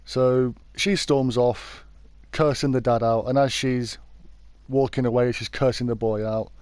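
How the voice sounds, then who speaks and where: A British man narrates a true crime story in a loose, conversational way, often doubling back to fix what he just said. His voice is mellow and relaxed, and the sound is dry and close. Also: mid-range voice, unhurried, no echo. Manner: chatty, informal, often backtracks to correct himself. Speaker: YouTube true crime host.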